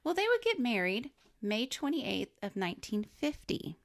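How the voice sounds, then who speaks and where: A gravelly woman's voice, on the high side with big pitch swings, moves at a moderate pace in clean studio sound with no echo. She's co-hosting a film podcast, casually reading notes on a celebrity's life, chatting and laughing often.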